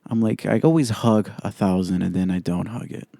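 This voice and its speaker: A man's voice: fairly low pitch, moderate pace, creaky, warm tone, dry recording. A man hosting his own podcast solo, talking in a blunt, profane, opinionated way. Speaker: podcast host. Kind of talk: casual solo podcast commentary.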